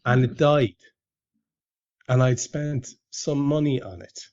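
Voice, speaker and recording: An English man hosts a casual podcast chat in a slow, mid-range voice with a darkish tone, often stammering, restarting sentences, and swearing offhandedly. The audio is dull and lo-fi.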